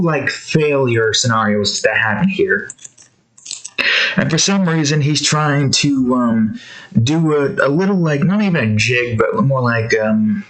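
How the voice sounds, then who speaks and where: A man's voice: medium pitch, fairly bright tone, rough recording. A man in a casual art vlog, rambling through a story with many fillers and restarts. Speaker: art vlogger.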